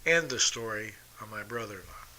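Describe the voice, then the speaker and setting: A man's voice: fairly low pitch, lively intonation, a little fast, bright, forceful tone. A middle-aged man hosting a podcast, telling stories in a blunt, profane, combative way. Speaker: podcast host. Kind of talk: casual storytelling monologue.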